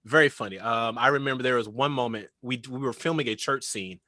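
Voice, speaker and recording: A man co-hosting a casual chat show, telling an animated story and acting out what others said. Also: medium pitch, fairly quick, no room sound, clean studio sound. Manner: animated storyteller, acts out quotes. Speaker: co-host.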